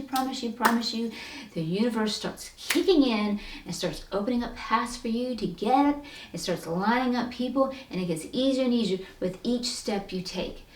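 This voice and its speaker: A woman giving a spiritual self-help talk in a lively, animated way, often acting out quoted voices. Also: mid-range voice. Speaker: spiritual coach. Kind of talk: motivational talk. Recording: roomy echo, distant from the mic.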